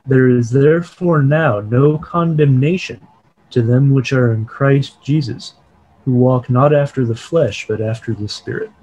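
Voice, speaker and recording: A man leading an online Bible study over a video call. He reads quoted passages aloud and then explains them calmly. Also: mid-range voice, unhurried, rough recording.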